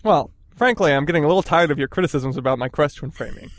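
Playfully pedantic man, lively pitch. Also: quick pace, slight background noise. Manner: dry, playfully pedantic, jumps into silly put-on voices. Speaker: podcast co-host. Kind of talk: casual comedic chat.

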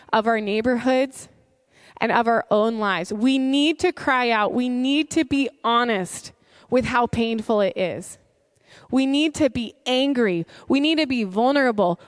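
Woman preacher, earnest sermon delivery, slow and deliberate, dry close sound. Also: high voice, no room sound. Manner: earnest, reads scripture slowly with emphasis, some restarts. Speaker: pastor.

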